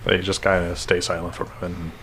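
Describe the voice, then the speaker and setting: A man's voice: deep voice, level tone, fast talker, fairly bright tone, slight background noise. A man playing a tabletop game, rambling through his character's actions with lots of fillers. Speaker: player. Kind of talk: tabletop role-play.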